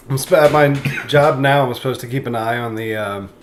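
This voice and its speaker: Rambling, profane man on a noisy podcast. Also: medium pitch. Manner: rambling, profane, slips into quoted voices. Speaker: comedian guest. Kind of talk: casual podcast storytelling.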